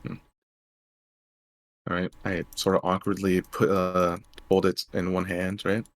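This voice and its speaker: A man's voice: sits low, completely flat delivery, measured pace. A man playing a tabletop role-playing game, talking in a hesitant way with lots of fillers and tag questions. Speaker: player. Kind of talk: tabletop role-play as a player.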